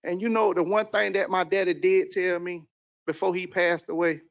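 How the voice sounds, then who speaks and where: A man giving an earnest public comment at a council meeting, speaking in a halting way. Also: sits high, steady tone, vocal fry. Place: city council chamber. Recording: dull lo-fi meeting audio.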